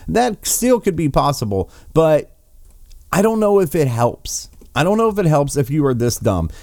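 A man mocks and rants his way through courtroom footage. His voice has a lively, swooping delivery that is full of scorn, and it is recorded close and dry with no room sound at all. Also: fairly high pitch, moderate pace, no echo. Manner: mocking, profane, sarcastic. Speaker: political commentator. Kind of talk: reacting to trial clips.

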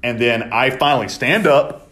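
A man telling a profane, animated story in casual podcast chat, shouting out the quoted lines. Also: mid-range voice, normal speed. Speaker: podcast co-host.

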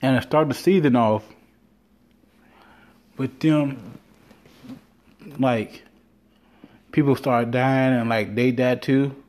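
A man with a warm, mellow voice talking in a loose, rambling monologue as a podcast host. He swears freely and slips into quick impressions of what people said to him. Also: medium pitch, fairly even intonation. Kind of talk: casual monologue.

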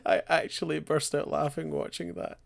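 A man chatting casually about an episode, easygoing, laughing often and chiming in with quick agreement. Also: on the high side, level tone, creaky.

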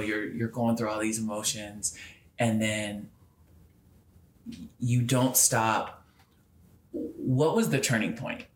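Male interview host, average pitch, supportive; roomy recording. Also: a bit bright, slight background noise. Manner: supportive, frequent brief affirmations. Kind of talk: casual interview. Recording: roomy echo.

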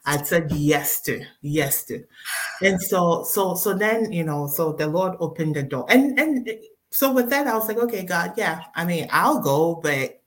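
A woman as a guest storyteller giving a personal faith testimony, animated and acting out dialogue with many fillers. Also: fairly low pitch, a little slow.

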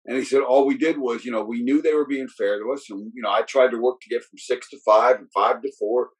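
A man's voice: medium pitch, steady tone, fairly quick, husky, low-quality recording. A middle-aged man, a football coach, chatting casually and telling rambling stories full of restarts and fillers. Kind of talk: casual storytelling chat.

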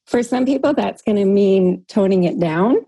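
A woman leads a group call in a casual coaching manner. Her voice is breathy and warm-toned, and the sound is dry and close. She keeps things encouraging, tagging her points with a questioning "right?". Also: medium pitch, moderate pace, dry recording. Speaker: workshop leader on a group call. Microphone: call audio.

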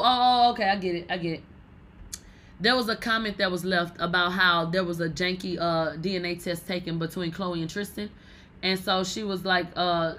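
A woman's voice: lowish voice, a little hiss or hum. Profane, sassy woman dishing gossip. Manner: blunt, profane, animated and sassy. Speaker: celebrity gossip host. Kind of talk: casual gossip commentary.

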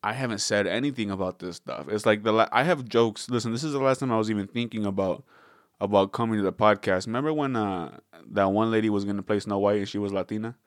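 A man's voice: on the low side, fast, no echo, clean studio sound. A young man hosting a podcast, rambling casually with jokes and swearing. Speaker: podcast host. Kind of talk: casual comedic podcast chat.

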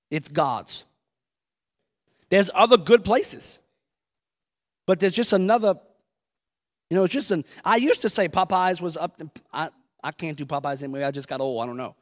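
A man's voice: fairly high pitch, lively intonation, normal speed, long pauses, big-room sound. A man in his thirties, a pastor, preaching a conversational sermon, quoting scripture and asking the congregation questions. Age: 30s. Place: church sanctuary.

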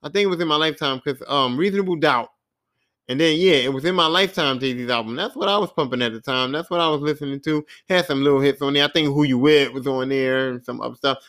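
A man's voice: medium pitch, fast, fairly bright tone. A man in his forties hosting a podcast, telling a rambling, profane, self-mocking story. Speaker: podcast host. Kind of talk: casual storytelling monologue.

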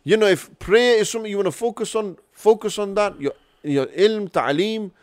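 On a casual religious podcast, the male host speaks earnestly and offers advice, restarting his sentences often. His voice is high and his pace moderate, captured in a dry recording with clean studio sound.

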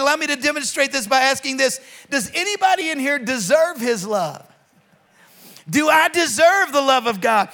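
A man preaching as a pastor, swinging from slow, drawn-out emphasis to sudden shouts and calling on the congregation to respond. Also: very high-pitched. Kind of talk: sermon.

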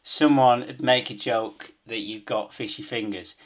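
A man co-hosting a casual comedy podcast, giving quick replies and wry asides. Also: medium pitch, steady tone. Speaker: podcast co-host.

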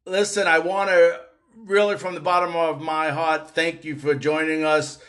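A man's voice: fairly high pitch, level tone, normal speed, fairly bright tone. A male sports show host, earnest and appreciative as he interviews a guest.

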